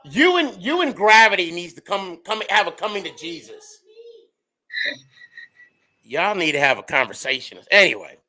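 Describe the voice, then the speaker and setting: A middle-aged man hosts a podcast in casual chat, telling stories with big swings in loudness and pitch. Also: big pitch swings, moderate pace, long pauses, poor audio. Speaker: podcast host.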